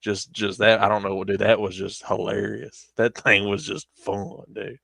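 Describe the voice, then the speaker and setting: A man's voice: lowish voice, little pitch movement, a little slow, creaky, a bit bright, husky, dry recording. A young man, rambling through stories in casual chat on a stream. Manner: rambling storytelling with frequent laughter.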